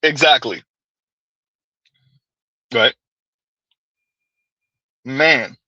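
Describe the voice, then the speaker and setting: Drawing out his words in a pushed, bright mid-range voice, a Caribbean-descended stream host reads comments and rants with heavy emphasis. He talks straight to chat and repeats phrases often, and the audio is dull with no room sound.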